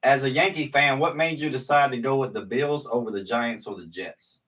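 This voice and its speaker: A man's voice: medium pitch, fairly quick, a bit bright. A man co-hosting a live podcast in casual banter, cracking crude jokes and laughing at them. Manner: joking, laughs at his own jokes. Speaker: podcast co-host.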